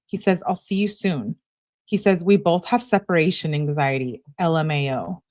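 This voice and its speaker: Woman, lower voice, true crime host, reading texts aloud, casual, conversational. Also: steady tone, moderate pace, a little mellow. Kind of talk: reading text messages aloud.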